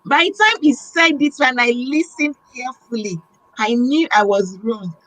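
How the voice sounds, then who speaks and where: A woman hosting a talk show, telling a personal story in a lively, emotional way. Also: high-pitched, normal speed, rough recording. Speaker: host. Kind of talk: casual interview chat.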